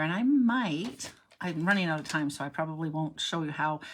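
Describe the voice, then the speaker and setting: A woman's voice: on the low side, sharp tone. A middle-aged woman giving a chatty live card-stamping demonstration, rambling and talking to herself as she works. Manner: rambling, self-interrupting, talks to herself while working. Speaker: stamping instructor.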